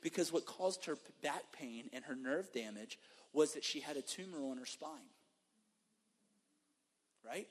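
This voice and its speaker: A man's voice: fairly high pitch, measured pace, pauses often, slightly rough. Emphatic male preacher in an echoing church. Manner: emphatic, storytelling, animated. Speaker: guest preacher. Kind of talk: sermon and testimony. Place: church sanctuary. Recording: long reverb of a church hall.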